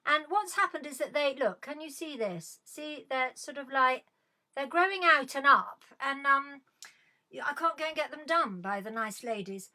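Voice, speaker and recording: A woman's voice: high voice, expressive, moderate pace, sharp tone. A middle-aged woman hosting a live-streamed comedy chat from home, taking calls with bawdy, sardonic, swearing banter into a webcam.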